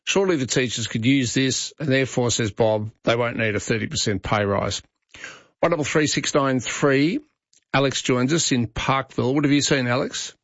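Opinionated Australian radio host, dry studio sound. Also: male voice, medium pitch, normal speed, fairly bright tone, no echo. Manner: opinionated, conversational, frequent fillers and restarts. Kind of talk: talkback radio commentary. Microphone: studio microphone. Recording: slightly dull broadcast audio, dry.

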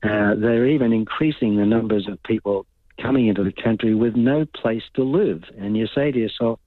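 Older man, Australian accent, blunt and rambling, low voice, tinny dry phone line. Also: moderate pace, no room sound. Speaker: caller. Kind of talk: talkback radio call.

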